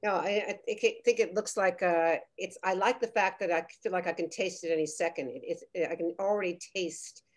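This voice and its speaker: Gushing woman judge, lowish voice. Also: steady tone, brisk, hardly any pauses. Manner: gushing, rambling, restarts often. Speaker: guest judge. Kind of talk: casual judging on a video call. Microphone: video call.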